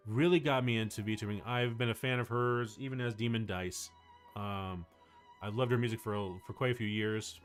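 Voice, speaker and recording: A man livestreaming, chatting casually with his viewers in a rambling, excitable way, full of fillers. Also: mid-range voice. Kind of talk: casual chat to a live chat.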